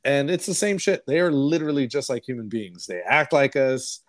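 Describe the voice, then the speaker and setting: A man co-hosting a podcast, recapping a film in a rambling, profane, animated way. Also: medium pitch, moderate pace. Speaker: podcast co-host. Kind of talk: casual movie review chat.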